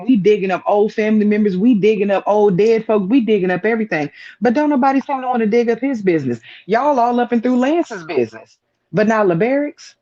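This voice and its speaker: A man with a fairly high voice speaking emphatically on a live stream, piling up rhetorical questions. The sound is dry and close, and the audio is dull and lo-fi. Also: a little mellow, no room sound. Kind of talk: casual opinion talk.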